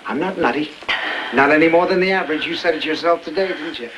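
A jealous husband issues clipped, commanding orders at gunpoint, played by a man. His voice sits on the higher side for a man. A loud hiss from an old film soundtrack runs underneath. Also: fast, close to an everyday voice. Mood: menacing. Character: jealous husband holding a gun, stern and threatening.

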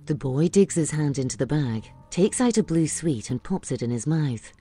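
A woman narrating audio description of a film in a steady, clear manner. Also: low-pitched, moderate pace, soft background music. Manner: steady, clear, scene-setting.

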